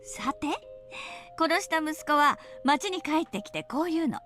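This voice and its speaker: Brief: anime-game teen girl, soft deliberate storyteller, bright high register, brisk delivery. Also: lively intonation, faint music behind. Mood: eerie teasing. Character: teen girl calmly spinning a murder tale. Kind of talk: Japanese game voice acting.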